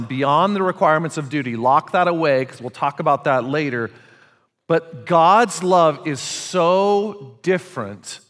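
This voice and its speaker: A man preaching in a church auditorium, his voice slightly high for a man and carrying a long hall reverb. He talks casually and animatedly, tossing questions out to the congregation. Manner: animated, conversational preaching with audience call-outs. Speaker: pastor. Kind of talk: sermon.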